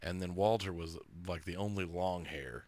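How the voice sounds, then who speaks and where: A man, co-hosting a podcast, telling animated stories, laughing and swearing. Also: sits low, moderate pace, no room sound. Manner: laughing, profane, animated storyteller. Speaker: podcast co-host. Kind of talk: casual chat.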